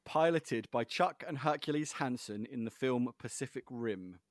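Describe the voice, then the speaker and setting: A male podcast host runs a casual quiz, chatty, rambling and quick to giggle. His voice sits in a middle pitch, recorded dry and close with no room sound. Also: dry recording.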